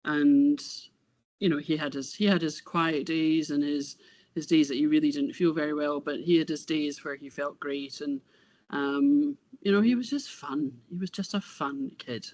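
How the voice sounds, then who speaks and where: A woman, talking about her son as an interview guest, halting and reflective, often trailing off. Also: low-pitched, darkish tone, no echo. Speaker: interview guest, bereaved mother. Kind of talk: casual conversation.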